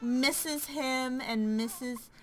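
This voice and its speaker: A woman's voice: high-pitched, extremely slow, fairly bright tone, slight background noise. A woman casually narrating her life-sim gameplay, chatty and full of ums and likes. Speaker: let's play narrator.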